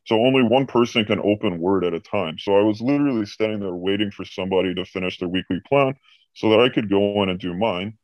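A man's voice: fairly low pitch, quick pace, no room sound. A man telling a story about a former boss in casual podcast chat, swearing freely and acting out scenes. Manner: profane, animated anecdote telling. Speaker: podcast guest recounting a job.

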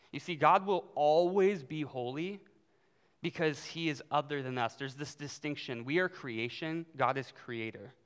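A man preaching a sermon as youth pastor, in a casual, conversational way with fillers. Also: medium pitch. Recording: long hall reverb.

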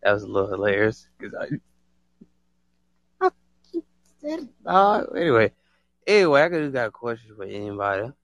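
A man hosting a casual live stream, excitable and slangy, laughing a lot. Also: fairly low pitch, normal speed, long pauses, no room sound, muffled recording.

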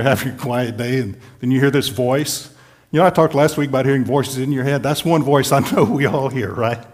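Man, pastor, middle-aged, conversational sermon, explanatory, mid pitch. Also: a little mellow. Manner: conversational, explanatory, with light laughs and restarts.

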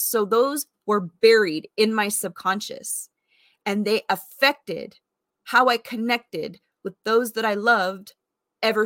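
A woman's voice: medium pitch, bright, forceful tone, no echo. Woman, forties, personal faith testimony, earnest, conversational, many fillers, dry close sound. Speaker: vlogger sharing faith testimony.

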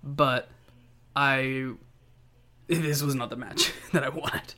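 A man's voice: medium pitch, steady tone, takes it slowly, sharp tone. A young Australian man with an Australian accent, co-hosting a podcast in casual, wry, laughing chat. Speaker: podcast co-host.

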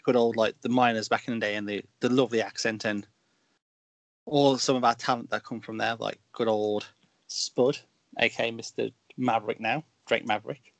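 A man's voice: mid-range voice, normal speed, gravelly, dry recording. Black Country man, dry close sound. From Dudley, Black Country, England. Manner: animated storyteller, acts out quoted lines. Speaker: wrestler guest. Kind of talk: casual podcast chat.

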